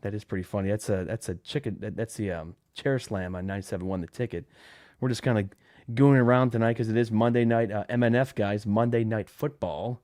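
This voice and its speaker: A man's voice: on the low side, a little fast, a little mellow. A man hosting a live podcast in casual chat, rambling off the cuff with lots of fillers and restarts. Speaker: podcast host. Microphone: desk microphone with a cover.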